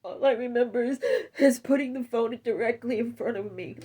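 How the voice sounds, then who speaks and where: A middle-aged woman tells a personal story in tears, her voice breaking, with halting narration that erupts into sobbing shouts. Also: sits high. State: tearful, voice breaking. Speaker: storyteller recounting a personal loss. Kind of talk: emotional personal testimony.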